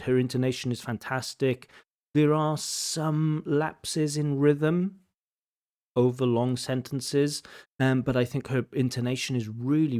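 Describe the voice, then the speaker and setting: Guy breaking down a speaking test, slows down to hammer his points home. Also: mid-range voice, warm tone. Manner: emphatic, repeats for stress, slows down to make points. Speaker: IELTS examiner and teacher. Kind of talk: explanatory commentary on a speaking test.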